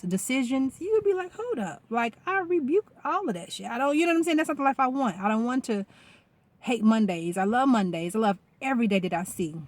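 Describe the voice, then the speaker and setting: Animated rambling woman. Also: on the high side, dry recording. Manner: animated, rambling, swears freely. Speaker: vlogger. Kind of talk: casual vlog monologue. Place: outdoors.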